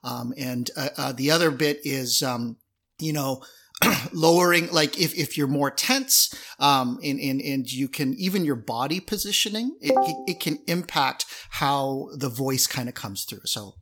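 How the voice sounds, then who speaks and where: A man's voice: medium pitch, a little slow, a bit bright. A man in a casual panel discussion who jumps in eagerly to add his own points. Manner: enthusiastic, chimes in eagerly.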